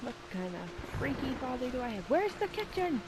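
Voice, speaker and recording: A woman's voice: sits high, sing-song, moderate pace, over a noisy crowd, low-quality recording. A woman commenting sarcastically while playing a video game, joking and swearing. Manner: sarcastic, profane, jokey. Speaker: game streamer. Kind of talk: let's play commentary.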